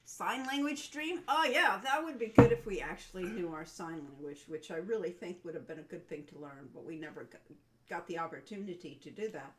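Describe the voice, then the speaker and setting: A woman's voice: fairly low pitch, a little fast, background noise. A woman co-hosting a game developers' livestream, chatting casually and reminiscing in a meandering way. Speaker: co-host of a game developers' stream.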